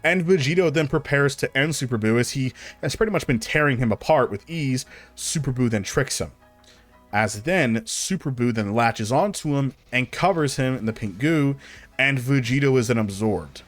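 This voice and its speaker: A man's voice: medium pitch, lively intonation, moderate pace, faint music behind. A man narrating a fan-made story in a casual, rambling, conversational way. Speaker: channel narrator.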